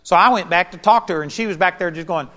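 A male pastor preaching a sermon, an animated storyteller with sudden loud bursts. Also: high-pitched, quick pace, muffled recording.

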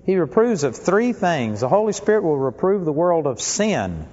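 A man delivering a sermon with a fairly high voice that punches key words and then drops low. The recording is dull and lo-fi, with a long reverb trailing off as if in a large hall. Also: very animated, normal speed. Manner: emphatic, swings between loud stress and low asides. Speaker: preacher.

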